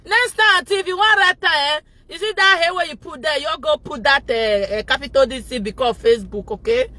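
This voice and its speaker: A Nigerian woman vlogging loudly from inside a car, shouting and laughing as she rants in a casual pidgin-mixed style. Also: sits high, brisk. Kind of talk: loud casual vlog rant.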